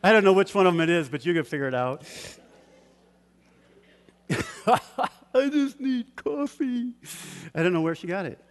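A man's voice: on the high side, racing, hardly any pauses. An older man preaching a sermon, calling out questions for the congregation to finish and chuckling between points. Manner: call-and-response, asks the congregation to fill in words; chuckles often, shifts from loud to hushed. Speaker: pastor. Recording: long hall reverb.

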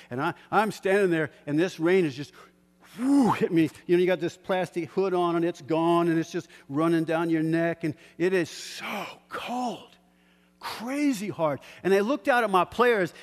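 Fervent preacher man in a reverberant hall. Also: on the high side. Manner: builds from soft reflection to shouted fervor, with laughs. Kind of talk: sermon.

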